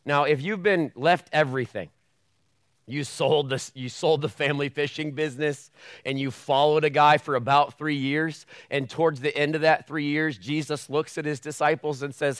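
A man's voice: fairly high pitch, normal speed, no echo, studio quality. Casual, conversational male pastor preaching. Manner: casual, conversational preaching that acts out quoted voices; hushed, earnest tone while praying. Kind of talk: sermon with opening prayer. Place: church sanctuary with a video screen.

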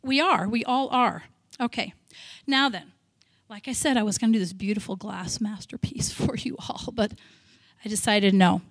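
A woman's voice: medium pitch, normal speed, dry recording, studio quality. A middle-aged woman missionary from the United States preaching in a church service, candid and self-deprecating, acting out her own past prayers. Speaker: missionary speaker. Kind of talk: sermon.

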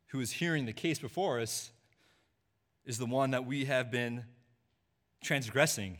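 A male preacher delivering a sermon at a mid-range pitch. He sinks to a hushed, low murmur for solemn points. He climbs higher and louder, almost pleading, when he speaks the words of a guilty sinner. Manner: swings from hushed low delivery to raised, pleading voice in quoted lines.

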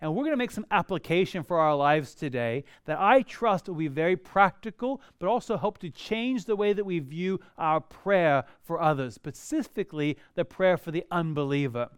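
A pastor delivering a sermon, building to emphatic outbursts and slowing on key phrases. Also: male voice, a little high, expressive, smooth, no room sound, clean studio sound. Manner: preaching with rising emphatic outbursts and slow drawn-out key phrases.

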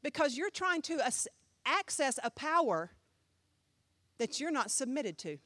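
High-voiced woman pastor preaching. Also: very animated, a little slow, dry recording. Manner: emphatic, rhetorical questions, swings from loud to hushed. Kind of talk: sermon.

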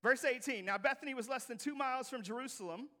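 A man preaching a sermon to a congregation, dropping to whispers and rising to shouts. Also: extremely high pitch, fast. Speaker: pastor. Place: church hall before a congregation.

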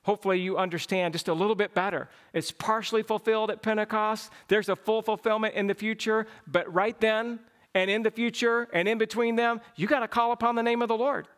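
A man preaching a Sunday sermon to his church and leading the closing prayer, fervent and climbing into excited exclamations. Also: sits high, brisk, clear, resonant tone. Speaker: pastor. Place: church service.

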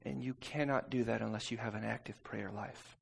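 A man preaching a sermon, telling a personal story and calling out to the congregation for responses, moving from quiet talk to shouting. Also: lowish voice, fairly even intonation, a little fast, creaky, slight background noise. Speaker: pastor.

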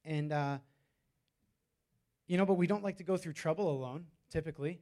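Casual-talking pastor preaching. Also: male voice, a little high, normal speed, dark tone. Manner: conversational, many fillers and restarts. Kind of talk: sermon.

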